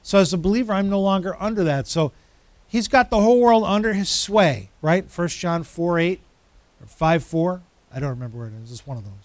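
A man's voice: sits high, lively intonation, a little fast, no room sound. A man preaching a sermon as pastor, emphatic, building through repeated phrases.

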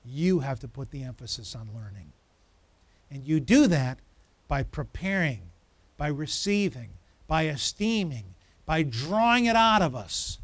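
Pastor, male, high voice, dry sound; quizzes the room, then hammers points home with repetition. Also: sing-song, a little slow, fairly bright tone, dry recording. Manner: asks the congregation questions, builds to emphatic repetition. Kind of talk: interactive sermon.

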